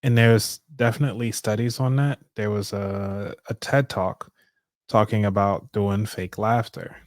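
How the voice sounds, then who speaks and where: A man hosting a live stream talks casually and upbeat, breaking into laughter often. His voice is fairly low with fairly even intonation and a measured pace, recorded at studio quality with no echo.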